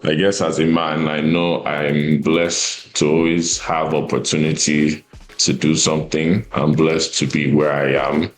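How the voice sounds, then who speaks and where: A man's voice: extremely low pitch, unhurried, roomy sound, soft background music, rough recording. A man with a Nigerian accent, a podcast guest talking openly and with feeling in a candid conversation. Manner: open, animated, mimics others' voices.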